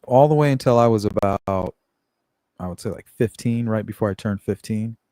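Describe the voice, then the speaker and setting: A man's voice: lowish voice, moderate pace, dark tone, no room sound, studio quality. A middle-aged man hosting a casual live chat, blunt and profane, laughing often as he reads comments. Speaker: livestream host reading chat.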